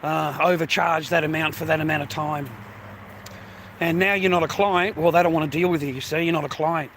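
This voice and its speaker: A man's voice: fairly high pitch, steady tone, fairly quick, a bit bright, slight background noise. An Australian man griping at his live-stream chat in casual talk, swearing heavily and laughing between complaints. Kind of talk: casual livestream rant.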